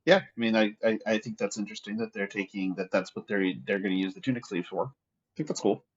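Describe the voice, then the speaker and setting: A blunt, profane man chats quickly as a podcast co-host, his voice a little low and husky. His speech is casual and punchy. His line sounds dull and lo-fi. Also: steady tone. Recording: dull lo-fi remote mic.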